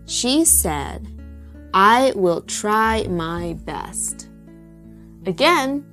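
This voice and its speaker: Woman, teacher, slow clear lesson narration, faint guitar music behind. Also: mid-range voice.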